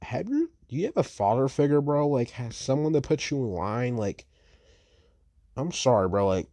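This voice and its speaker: A teenage guy rants into the mic in a heated, profane vlog, his pitch swinging up and down a lot as he talks. His voice is mellow and a little dark, and the recording is dry, with no room echo. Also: very animated, normal speed. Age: teens. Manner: heated, profane, repeats "bro" and "like". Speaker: vlogger. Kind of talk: ranting commentary.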